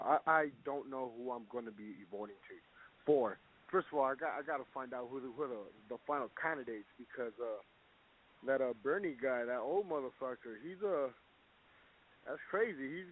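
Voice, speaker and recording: A man's voice: mid-range voice, husky. Man of Mexican origin, blunt and rambling, profane, tinny phone-like audio. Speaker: boxer, guest segment. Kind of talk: casual recorded opinion segment.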